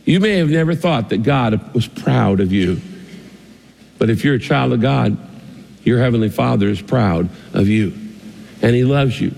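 A man's voice: mid-range voice, lively intonation, moderate pace, gravelly, long pauses, darkish tone. A male pastor preaching a sermon, telling a vivid story with repeated, building phrases, recorded in a church. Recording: long hall reverb.

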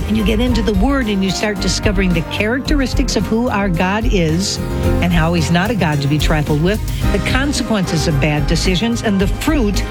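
Radio host, enthusiastic and emphatic, mid pitch, clear music bed behind. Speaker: radio talk show host. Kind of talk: conversational radio interview.

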